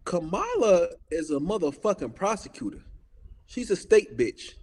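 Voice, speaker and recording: A man's voice: sits high, big pitch swings, normal speed, a little mellow, long reverb tail. A man in his thirties ranting in casual talk, heated and profane, repeating his points with emphasis. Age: 30s. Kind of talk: casual political rant.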